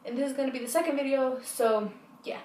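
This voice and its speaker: A woman's voice: sits high, quick pace, noisy background. A woman vlogger telling a story in a casual, rambling way, repeating herself and swearing freely, at home in her apartment. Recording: echoey room, mic set far off.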